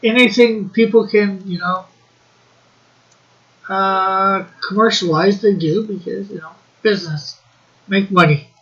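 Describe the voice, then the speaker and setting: A man's voice: sits high, steady tone, a little slow, pauses often, fairly bright tone, muffled recording. A man hosting a casual live-stream chat, reading viewer comments aloud and laughing often. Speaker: host.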